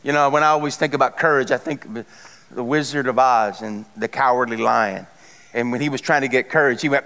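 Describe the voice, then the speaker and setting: A man's voice: mid-range voice, a little fast, long reverb tail. A male pastor preaching a sermon, talking in a casual storytelling way and acting out prayers and stories. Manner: conversational storytelling preacher, animated.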